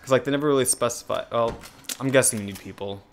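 A young man co-hosting a gaming channel, thinking out loud and swearing freely as he plays. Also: medium pitch, quick pace, slight background noise. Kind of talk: casual gameplay commentary.

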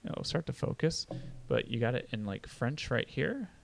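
A man's voice: mid-range voice, big pitch swings, moderate pace, gravelly. A man hosting a podcast, giving a casual, rambling movie review full of fillers. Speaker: podcast host.

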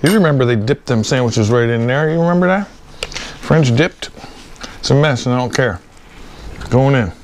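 A man's voice: medium pitch, moderate pace, long pauses, slight background noise. A man casually showing viewers how he makes a roast beef sandwich, joking and talking as he eats. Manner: playful, chatty, talks to viewer while eating. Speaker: home cooking vlogger. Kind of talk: casual cooking demo.

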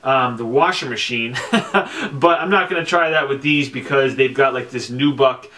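A young man talking casually on camera about his sneaker collection, chatty and relaxed, with lots of fillers and slang. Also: medium pitch, moderate pace. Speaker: sneaker vlogger. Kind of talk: casual product review.

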